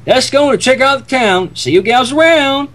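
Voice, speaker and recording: A man's voice: very high-pitched, animated, normal speed, a bit bright, voice pushed up. A man voicing a brash, crude redneck man who cracks rude jokes. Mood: rowdy.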